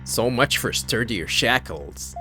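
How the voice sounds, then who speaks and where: A man's voice: medium pitch, lively intonation, slow, music in the background. A man playing a grim, archaic-speaking samurai prosecutor. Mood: solemn. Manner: archaic, solemn declamation.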